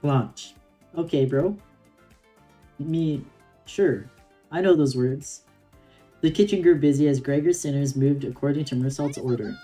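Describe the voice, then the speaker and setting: A woman's voice: sits low, measured pace, mellow, faint music behind. A young woman streamer reading a game story aloud with giggly, chatty reactions.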